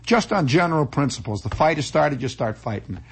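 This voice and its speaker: A man's voice: a little high, lively intonation, fairly quick, background noise. A man telling a rambling, wry, self-mocking comic story as a monologue.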